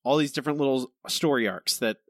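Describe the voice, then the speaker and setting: Co-hosting a laid-back podcast, a man rants in exasperation about a comic book, mocking the voices of characters he quotes. He has a mid-range voice and talks fast, recorded dry at studio quality.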